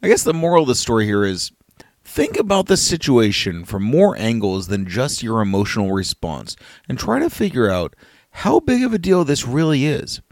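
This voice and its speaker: A man's voice: medium pitch, sing-song, normal speed. A man in his thirties telling a blunt, profane everyday story. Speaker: customer service worker telling a story. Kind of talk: casual storytelling.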